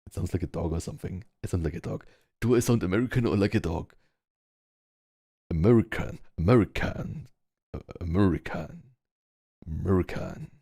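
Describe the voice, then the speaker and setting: A man with a German accent and a very deep, gravelly voice chats casually over a headset. His mellow, slightly husky tone sounds dry and close. He rambles with loads of fillers and tries out words aloud. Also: rapid-fire, no echo. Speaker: VR social game player. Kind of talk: casual chat. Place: online virtual world, speaking from home.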